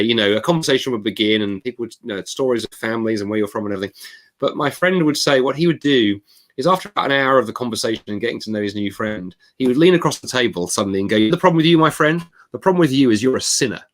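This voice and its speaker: A man talking fast as a guest on an interview, telling a story with energy and emphasis. He acts out voices as he goes, and his pitch sits in the middle of the range. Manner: animated, acts out quoted voices; emphatic, expressive. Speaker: guest author. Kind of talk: conversational storytelling.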